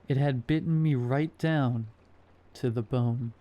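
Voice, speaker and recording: A man narrating first-person horror stories in a steady, measured scripted reading. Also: medium pitch, dull audio.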